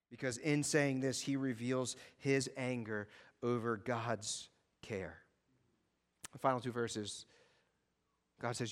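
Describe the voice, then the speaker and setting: A man preaching a sermon as pastor, swinging from hushed reflection to intense, fervent passion. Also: mid-range voice, measured pace, long reverb tail. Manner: impassioned, rising to intense fervor.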